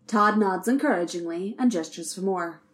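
A woman reading a story aloud as narrator, in an even, measured way. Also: mid-range voice. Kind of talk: audiobook narration.

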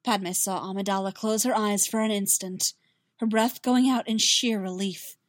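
A woman narrating a science fiction story in a steady, expressive reading. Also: medium pitch, moderate pace, dry recording, clean studio sound. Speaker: reader. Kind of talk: fan fiction audiobook narration.

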